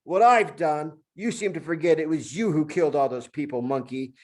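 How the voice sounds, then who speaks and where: A man voicing a frantic, snappish middle-aged killer holed up in a cabin, speaking loud and raised in a book reading. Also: a little high, moderate pace, voice pushed up, lightly acted. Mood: scornful.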